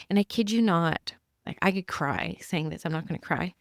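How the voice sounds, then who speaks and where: A woman's voice: fairly low pitch, fairly quick, no echo. A woman speaking as a spiritual medium, sharing messages in an earnest, heartfelt, casual podcast talk.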